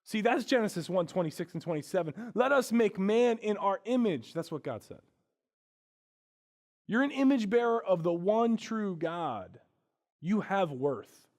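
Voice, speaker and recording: A man's voice: high-pitched, animated, unhurried. Man preaching in a conversational sermon. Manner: conversational preaching, swings between hushed and emphatic. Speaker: pastor.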